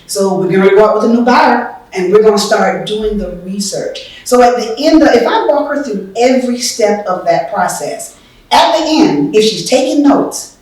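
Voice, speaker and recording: A woman's voice: mid-range voice, expressive, normal speed, darkish tone. A woman hosting a casual panel talk, explaining how she coaches new agents in an earnest way. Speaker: host and team leader. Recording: echoey room, mic far off.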